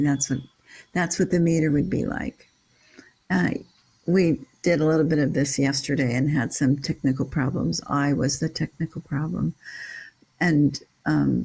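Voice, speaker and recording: An older person leading a scripture class, chanting Sanskrit syllables slowly and explaining verse meter and word meanings in a casual way. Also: medium pitch, creaky, slightly rough, rough recording. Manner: reads out word-by-word glosses in a steady list. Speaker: leader of a scripture reading class.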